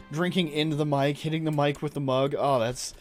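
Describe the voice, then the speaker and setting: A man's voice: fairly high pitch, fairly even intonation, moderate pace, soft background music. A man streaming a strategy game, chatting casually and reading game text aloud as he plays. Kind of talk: casual gameplay commentary.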